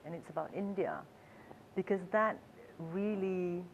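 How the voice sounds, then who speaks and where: A woman's voice: on the low side, measured pace, dull audio, slight background noise. A woman who is a travel author, telling stories in a chatty, hesitant way with fillers and frequent laughs. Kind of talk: storytelling talk.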